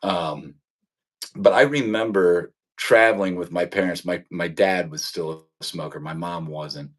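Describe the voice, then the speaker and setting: A man in his forties hosts a casual live stream. His voice sits slightly low, and he wanders through personal anecdotes, breaking into laughter often. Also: a little slow. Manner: rambling storyteller, laughs often. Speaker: livestream host. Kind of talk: casual chat.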